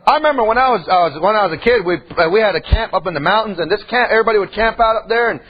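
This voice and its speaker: A man preaching a sermon in a folksy, animated way, full of asides and questions to the congregation. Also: high voice, very fast, husky, muffled recording.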